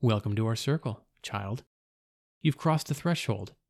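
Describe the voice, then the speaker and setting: A man's voice: on the low side, unhurried, creaky, dry recording, clean studio sound. A man voicing a cold, mocking vampire woman. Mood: menacing.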